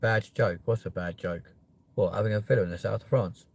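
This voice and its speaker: Brief: young guy, lowish voice, sweary live-stream host riffing loosely with chat. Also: fairly even intonation, fairly quick, vocal fry, a little mellow. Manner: sweary, jokey, chatty with viewers.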